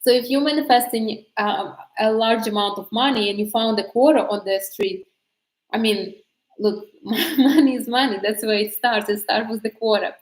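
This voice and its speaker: A woman's voice: mid-range voice, roomy sound, poor audio. A woman coaching casually on manifesting, chatty with many fillers and restarts. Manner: chatty, frequent fillers and self-corrections, laughs often. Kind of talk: casual advice talk.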